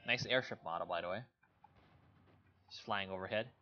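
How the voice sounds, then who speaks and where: A man giving relaxed, low-key commentary while playing a strategy game, thinking aloud as he goes. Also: moderate pace, lo-fi sound. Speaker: gameplay commentator. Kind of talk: casual let's play commentary.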